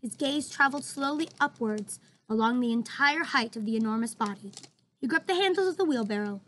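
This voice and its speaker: A woman teacher reading a children's book aloud to her students, expressive, with chatty asides. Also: a little high, brisk, slight background noise, low-quality recording. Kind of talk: read-aloud storytelling for students.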